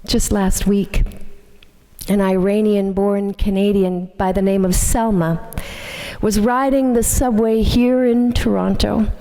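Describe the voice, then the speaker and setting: A woman minister delivering a sermon, telling a story in a measured, gentle way. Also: medium pitch, steady tone. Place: church sanctuary. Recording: long hall reverb in a church.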